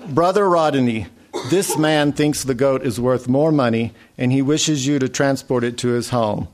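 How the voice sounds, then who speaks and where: A man reading aloud, voicing a gentle, soft-spoken male interpreter. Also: mid-range voice, normal speed, background noise, natural voice. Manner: gentle, mild.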